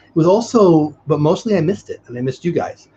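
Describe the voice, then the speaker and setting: A man co-hosting a live online show, chatting casually and thanking viewers by name, his voice going hoarse. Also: on the high side, animated, fairly quick, warm tone. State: losing his voice. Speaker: livestream co-host. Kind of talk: casual live-stream chat. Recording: dull lo-fi stream audio.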